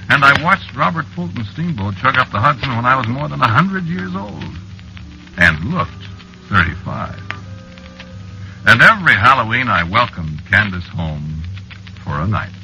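A man's voice: mid-range voice, very animated, unhurried, pushed and bright, faint music behind, full character voice, poor audio. An actor narrating as an ageless man married to a witch in an old-time radio drama, wistful in telling and flustered in dialogue. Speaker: narrator and lead character.

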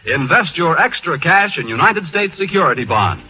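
A man's voice: fairly high pitch, big pitch swings, moderate pace. A male announcer reading a scripted savings bond announcement on an old radio show. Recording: dull old radio broadcast, faint hiss.

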